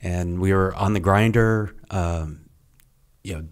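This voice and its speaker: A middle-aged man with a very low voice tells stories from his training days as a podcast guest. He speaks casually, halts and restarts often, and acts out quoted lines. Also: smooth. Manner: halting, with many restarts and acted quotes. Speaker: podcast guest, retired Navy SEAL. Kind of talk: casual storytelling.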